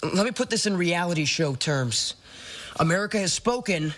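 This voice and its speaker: A man's voice: high-pitched, lively intonation, moderate pace, a bit bright. An actor playing a young man who sarcastically ends a relationship in a sitcom scene. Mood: sarcastic. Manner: sarcastic, wry.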